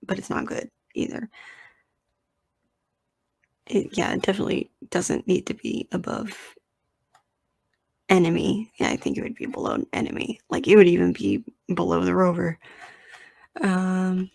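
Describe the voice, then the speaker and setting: A young woman hosts her own casual podcast and talks in a blunt, rambling way, swearing freely. Her voice sits fairly low and has a gravelly fry running through it. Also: expressive, unhurried, long pauses, a little mellow, no echo. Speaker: podcast host. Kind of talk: casual solo film-ranking podcast.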